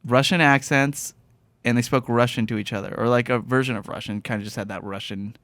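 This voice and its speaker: A man's voice: medium pitch, steady tone, a little fast, a bit bright, dry recording. A man hosting a casual podcast chat, telling a rambling anecdote with plenty of laughter. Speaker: podcast host.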